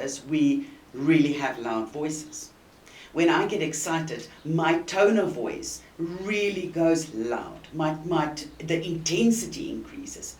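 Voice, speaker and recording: A woman with a South African accent giving an earnest, emphatic coaching talk to the camera, with deliberate pauses. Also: low-pitched, darkish tone. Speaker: communication coach. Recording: roomy and distant with faint hiss.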